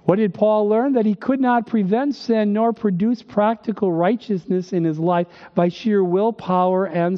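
An older male pastor from northern Minnesota, preaching emphatically with rhetorical questions and dry humor. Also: high-pitched. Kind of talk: sermon. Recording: dull recording with long hall reverb.

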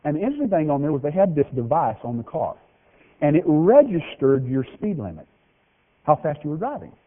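A man preaching a folksy, joking sermon, with lively swings in pitch. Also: fairly quick. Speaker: pastor. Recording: tinny phone-like radio broadcast of a hall.

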